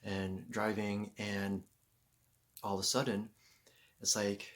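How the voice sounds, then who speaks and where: Man, casual storytelling, rambling with fillers, lowish voice, bursts of shouted reenactment. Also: little pitch movement, slow pace. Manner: acts out moments with loud shouted exclamations.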